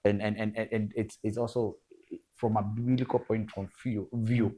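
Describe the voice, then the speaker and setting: The speaker is a Kenyan photographer guesting in a laid-back interview, addressing the listener as "bro" and repeating words emphatically. His lowish voice is warm but delivered flatly, at normal speed.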